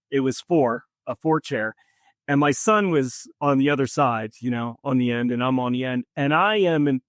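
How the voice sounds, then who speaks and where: Guy on a podcast telling his story, earnest, kinda reflective, lots of pauses, mid voice, dry close mic. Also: mid-range voice, no room sound. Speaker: podcast guest. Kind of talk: personal storytelling in conversation.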